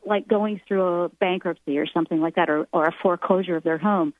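Calling into a radio show as a spiritual guest speaker, a woman talks earnestly and at length about the soul and fear. Her lowish voice is fairly even and fairly quick. The thin, phone-like line sounds dry and close.

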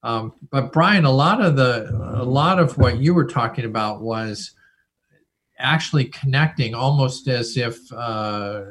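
Husky older man hosting a chat. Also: mid-range voice, a little slow, fairly bright tone. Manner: chatty, many fillers and restarts. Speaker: host. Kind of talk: casual podcast chat.

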